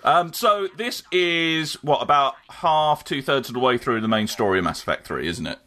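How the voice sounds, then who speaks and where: A man's voice: mid-range voice, lively intonation, normal speed, sharp tone. A man co-hosting a casual game discussion in a playful, joking way. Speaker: co-host. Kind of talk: casual gaming chat.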